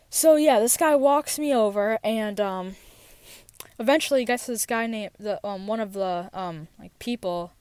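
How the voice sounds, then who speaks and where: A woman's voice: medium pitch, a little mellow, clear, resonant tone, no room sound. A teenage girl telling a personal story in a rambling, casual way, with many fillers and restarts, recorded in a parked car. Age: teens. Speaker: podcast host.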